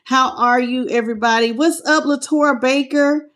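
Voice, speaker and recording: Woman, middle-aged, high voice, chatty, affectionate, casual live stream, phone mic. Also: steady tone, normal speed, a bit bright. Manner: chatty and affectionate, greets viewers by name with pet names. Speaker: tarot reader hosting a live stream. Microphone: phone on a stand.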